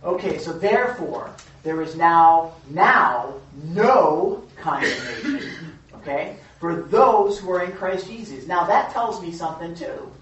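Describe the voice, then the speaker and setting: Animated preacher woman in an echoey hall. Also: on the low side, slow pace. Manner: animated, emphatic, acts out quoted voices. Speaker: youth pastor. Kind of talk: lively youth sermon. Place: church hall. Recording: echoey hall from far off, dull.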